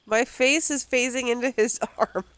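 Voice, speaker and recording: A woman's voice: fairly high pitch, steady tone, normal speed, a bit bright, no room sound. A woman giving casual, giggly commentary while playing a role-playing game. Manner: giggly, exclaiming, breaks into laughter. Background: faint game music.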